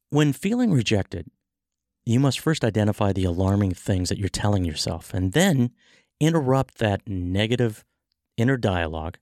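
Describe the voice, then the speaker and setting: Man, motivational podcast host, gravelly voice, dry close sound. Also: on the low side, dry recording. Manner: animated storytelling, acting out dialogue. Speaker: podcast host, sales coach.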